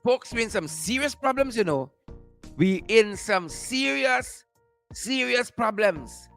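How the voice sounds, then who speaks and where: A man's voice: very high-pitched, lively intonation, slow pace, vocal fry, a bit bright, faint music behind. A man hosting a political commentary show, mocking and repeating phrases for emphasis. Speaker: show host.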